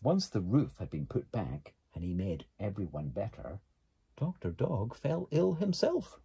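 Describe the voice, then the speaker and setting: A man reading a children's picture book aloud, animated, gasping and exclaiming at the pictures. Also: on the low side, a little slow, vocal fry, husky. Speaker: reader.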